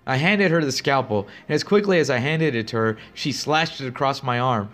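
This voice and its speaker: Grave male horror storyteller, soft music. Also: mid-range voice, lively intonation, brisk. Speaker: narrator. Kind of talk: first-person horror story narration.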